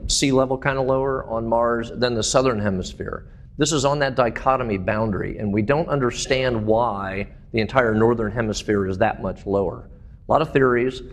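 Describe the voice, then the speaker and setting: A man giving a public talk about slides, telling stories enthusiastically with frequent fillers and restarts. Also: mid-range voice. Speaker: presenter.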